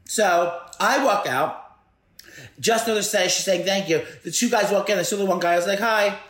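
A man co-hosting a podcast, telling a rambling, animated story in casual chat with frequent restarts. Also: high-pitched, brisk. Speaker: podcast co-host.

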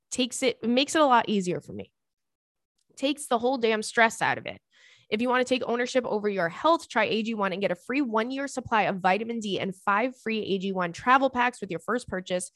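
Woman podcast host, chatty, excitable, casual swearing, dry close sound. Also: fairly high pitch, moderate pace, no echo. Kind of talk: casual podcast chat and listener letter reading.

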